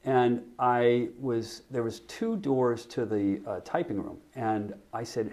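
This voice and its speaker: A man in his sixties, a podcast guest, telling an animated anecdote in casual chat with frequent restarts. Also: medium pitch, unhurried, hardly any pauses. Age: 60s. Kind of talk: casual storytelling.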